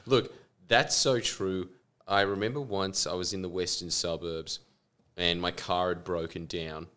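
A man's voice: deep voice, steady tone, a little slow, bright, forceful tone, a little hiss or hum. A young man co-hosting a podcast, wry and sarcastic in casual banter. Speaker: podcast co-host.

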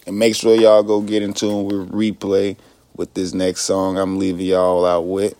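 A male podcast host with a very deep voice, talking earnestly in relaxed slang. The sound is dry and close, with no room around it. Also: measured pace, clear, resonant tone, dry recording. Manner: earnest, laid-back slang. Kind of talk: casual chat.

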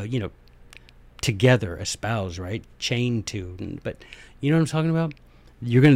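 A man's voice: medium pitch, no echo. Man, podcast host, folksy, joking asides, dead dry sound. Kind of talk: animated podcast monologue.

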